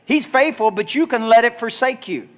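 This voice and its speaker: A man's voice: very high voice, lively intonation, moderate pace, fairly bright tone. A middle-aged man, a pastor, preaching a chatty, self-deprecating sermon and acting out the dialogue in his stories. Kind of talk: sermon with storytelling. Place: church sanctuary.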